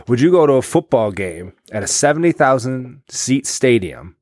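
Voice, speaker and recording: A man's voice: mid-range voice, big pitch swings, normal speed, a little mellow, no room sound, studio quality. A man co-hosting a podcast, laid-back as he asks the others hypothetical questions. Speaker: podcast co-host. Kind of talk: casual podcast chat.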